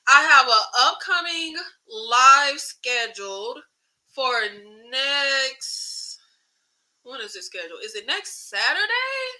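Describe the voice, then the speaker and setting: A woman hosts a casual livestream with a high, very bright voice. She talks in an animated way, swears freely and answers viewer comments. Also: slow, poor audio. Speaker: YouTube host.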